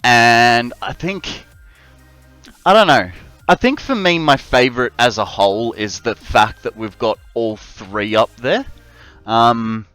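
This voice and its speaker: Over faint background music, the Australian streamer chats and jokes with viewers while playing. His medium-pitched voice moves slowly and sounds a bit bright and smooth, recorded dry.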